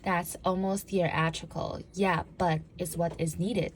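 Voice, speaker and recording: In a talk on body language, a woman with a law enforcement background demonstrates examples herself and walks the audience through exercises. She speaks unhurriedly in a level tone, her voice on the low side, with slight background noise.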